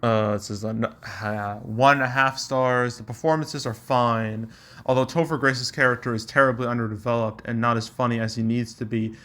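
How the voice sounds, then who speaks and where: A young man hosts a casual show, reading audience reviews aloud in an everyday mid-pitched voice. He rambles and hums while searching, often chuckling between comments. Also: fairly even intonation, moderate pace, fairly bright tone. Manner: rambling, chuckling, filler-heavy. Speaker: host.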